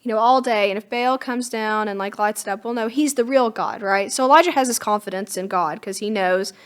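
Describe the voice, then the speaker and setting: A woman co-hosting a Bible teaching podcast, retelling scripture in a chatty, casual way with lively acted-out quotes. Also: on the high side, a little fast, smooth.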